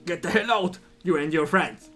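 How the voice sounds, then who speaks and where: Raging drunk old man, yelling, high-pitched and loud, read by a male streamer. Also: normal speed, faint music behind. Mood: furious. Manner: shouting angrily. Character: drunk, grieving old man in his sixties, furious.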